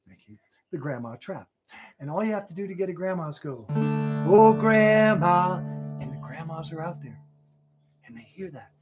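A man's voice: fairly high pitch, darkish tone, slightly rough. An older man, a grandfather, chatting playfully with children between songs at a family concert. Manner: chatty, playful, talks to kids at home. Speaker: children's entertainer. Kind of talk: family concert talk and song. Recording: guitar playing behind.

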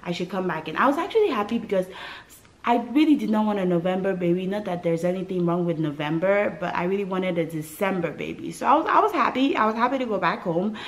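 A woman from West Africa recounts her birth story straight to camera in a relaxed vlog style. She tells it dramatically, with asides to her viewers along the way. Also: mid-range voice, fast, poor audio. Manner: animated, dramatic retelling with acted quotes and asides to viewers.

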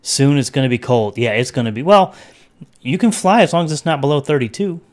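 A man chatting casually on a home livestream, talking straight into his webcam. He rambles loosely, drifts between topics and breaks off to greet viewers from the chat by name. His voice sits at an ordinary middle pitch. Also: expressive, brisk, a little mellow. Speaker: livestream host.

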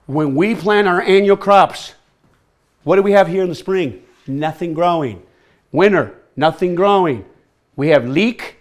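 An energetic man leads a workshop in front of a live audience. He keeps turning questions back to the listeners. His voice sits on the higher side for a man. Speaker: workshop presenter. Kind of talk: lively workshop talk.

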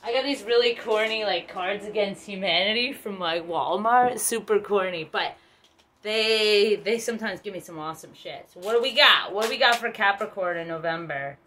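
Bright, chatty, profane woman tarot reader. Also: medium pitch, normal speed, slight background noise. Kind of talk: casual tarot reading vlog.

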